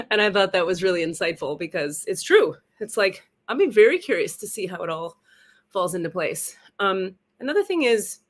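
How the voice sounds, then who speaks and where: A woman's voice: mid-range voice, very animated, moderate pace, a little hiss or hum. Chatty, cussing woman live-streaming. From California. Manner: chatty, profane, self-mocking, playful. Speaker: livestream spiritual host. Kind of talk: casual livestream chat. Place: rented home indoors.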